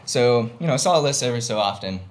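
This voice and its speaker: A young man from the Southern United States tells a comic story on stage to a live audience in a medium-pitched, expressive, rapid-fire voice. He's chatty and full of fillers, laughing along as he goes.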